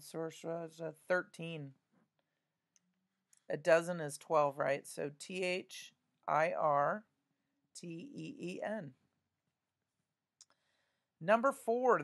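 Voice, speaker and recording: A woman teaching a spelling lesson, patiently spelling words out letter by letter and talking through each answer aloud. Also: low voice.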